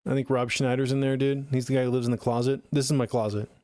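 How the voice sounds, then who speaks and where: A man's voice: medium pitch, little pitch movement, fast, mellow, no room sound. Chill swearing streamer guy, mid voice, dead dry closet sound. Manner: laid-back, rambling, profane. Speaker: music feedback streamer. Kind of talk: casual live-stream chat. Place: home studio closet.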